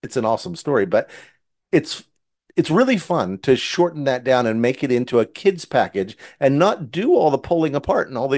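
In a medium-pitched, slightly mellow voice, a man who writes Christian children's books casually tells one of his stories. He is earnest and frequently starts over mid-thought.

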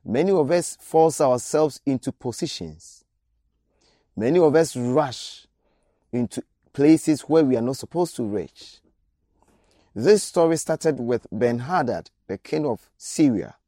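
Animated preacher giving a sermon. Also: male voice, medium pitch, measured pace, no room sound, studio quality. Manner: exhorting, with repeated direct appeals. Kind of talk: radio sermon.

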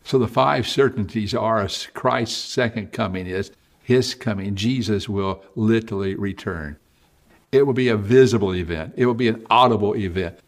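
A man preaching a sermon, reading Bible verses with excitement and dropping to hushed asides between passages. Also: on the low side, moderate pace.

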